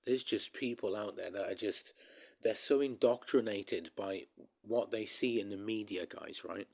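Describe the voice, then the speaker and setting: A man's voice: lowish voice, a little slow, vocal fry, darkish tone. A man ranting casually to his viewers in a vlog, rambling and emphatic, often calling them guys. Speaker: vlogger.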